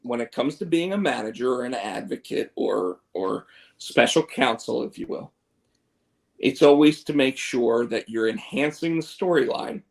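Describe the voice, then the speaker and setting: A man co-hosting a casual wrestling chat, animated and swearing often while acting out quotes. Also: medium pitch, moderate pace, vocal fry. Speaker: podcast co-host.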